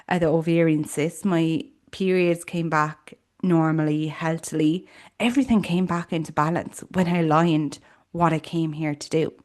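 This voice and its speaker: With a voice on the low side, a woman with an Irish accent hosts a podcast. She talks earnestly and reflectively in a personal monologue that includes casual fillers.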